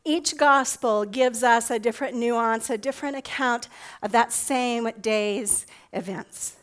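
A woman pastor giving a sermon, gently leading listeners through an imagined scene. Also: fairly high pitch, measured pace.

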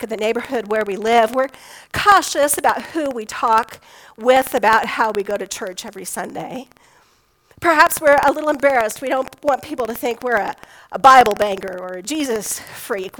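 A woman pastor delivers a sermon in a slightly high voice. She talks like she is telling a story to friends, easygoing and conversational, and slips in homespun humor. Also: fairly bright tone, low-quality recording.

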